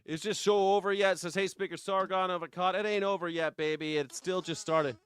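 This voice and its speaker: A man hosting a live news reaction show, profane and mocking, at times slipping into a soft taunting croon. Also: high-pitched, steady tone, brisk, clear, resonant tone. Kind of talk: live political commentary.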